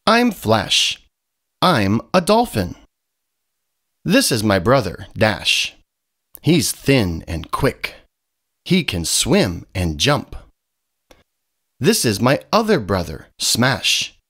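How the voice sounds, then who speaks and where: A man voicing a cheerful young dolphin who introduces his family in a slow sing-song storybook reading. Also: fairly low pitch, wildly swooping pitch, a bit bright, husky, exaggerated voice.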